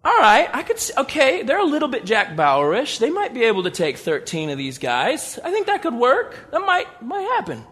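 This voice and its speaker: Male pastor, high voice, funny and animated sermon, big reverberant hall. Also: moderate pace, hardly any pauses. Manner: animated, humorous, incredulous asides. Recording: long reverb of a large hall.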